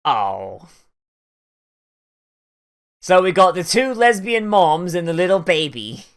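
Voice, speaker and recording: In casual watch-along commentary, an anime reaction host rambles on, sprinkling in lots of "like" fillers and laughs. The voice is medium-pitched and smooth, moving at a normal speed.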